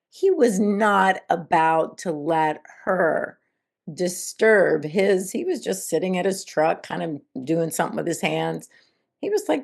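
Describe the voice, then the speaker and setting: A woman hosting a spiritual self-help podcast, talking in a gentle, reflective way and telling everyday stories. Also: on the low side, lively intonation, measured pace, gravelly. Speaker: podcast host.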